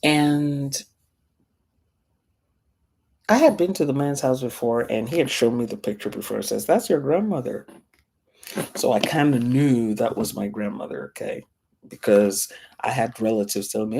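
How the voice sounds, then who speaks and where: A woman's voice: a bass voice, lively intonation, moderate pace, creaky, warm tone, husky. A middle-aged woman from Africa teaching a class, telling a personal story and acting out the voices of the people in it. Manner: storytelling, acts out quoted voices.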